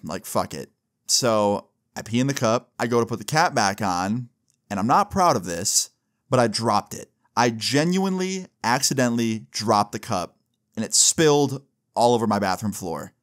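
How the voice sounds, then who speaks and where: A man's voice: medium pitch, animated, normal speed, fairly bright tone. A young man with a mid-range voice tells a story from his own life in a loose, chatty way. He swears freely and keeps checking in with the listener with "right?" and "like". It sounds like a casual storytime monologue. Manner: loose and profane, with frequent "like" and "right?" tag questions.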